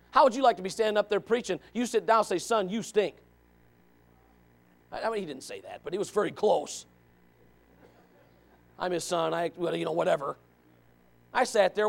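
Preaching in church, a man in his forties has a high voice with vocal fry. His animated, questioning sermon swings from loud passages to quiet ones.

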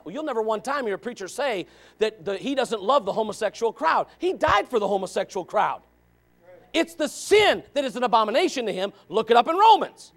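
Gravelly high-voiced preacher shouting and murmuring. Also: male voice, big pitch swings, fairly quick. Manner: swings between loud shouting and low murmured asides. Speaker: pastor. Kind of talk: sermon.

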